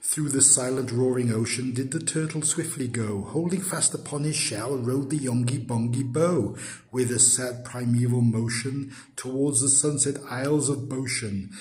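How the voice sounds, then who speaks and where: A man giving a poetry recital in a rhythmic, measured reading voice. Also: medium pitch, darkish tone. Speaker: poetry reader.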